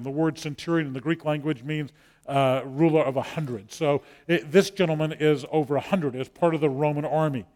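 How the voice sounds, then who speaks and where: A man preaching a sermon from New Orleans, dropping to hushed lines and building to loud, excited peaks, often repeating words as he presses a point. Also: fairly high pitch. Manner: dynamic preaching, drops to near whisper then builds loud. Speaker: pastor.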